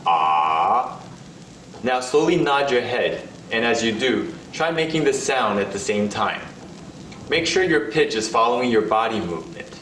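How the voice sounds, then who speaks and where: A man giving scripted instructions in a language lesson, demonstrating each sound with slow, drawn-out vowels. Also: medium pitch, lively intonation, fairly bright tone, slight background noise. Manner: slow, carefully paced delivery with sung and held vowel demonstrations. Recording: roomy, distant-sounding recorded video.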